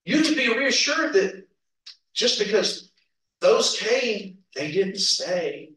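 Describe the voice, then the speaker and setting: Man, preacher, folksy storytelling, chuckles, fairly high voice, booming church echo. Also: sing-song, slow pace, sharp tone, a little hiss or hum. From Kentucky, USA. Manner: folksy, chuckling, calls out amens. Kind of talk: informal sermon with personal stories. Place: church sanctuary. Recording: echoey church hall, distant mic.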